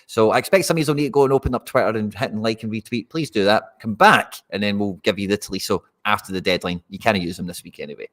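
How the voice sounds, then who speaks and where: A man's voice: on the low side, fast, hardly any pauses, a bit bright. A Scottish man hosting a live fantasy football stream, chatting casually and talking straight to his viewers. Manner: chatty, addresses viewers directly.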